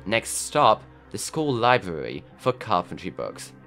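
A man's voice: lowish voice, very animated, measured pace, a bit bright, faint music behind. A man narrating a game video in a wry, scripted, storytelling way.

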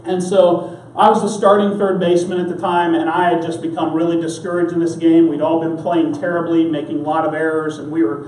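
A man preaching with earnest emphasis, his voice high for a man. He is heard from a distance in a roomy church, with a faint hum of ambience behind him. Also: darkish tone. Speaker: pastor. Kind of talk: sermon. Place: church sanctuary.

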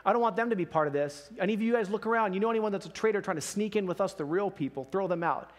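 Man playing a blunt ancient warrior king, commanding, high voice. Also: rapid-fire, close to an everyday voice. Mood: sly. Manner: blunt, commanding, casual modern phrasing.

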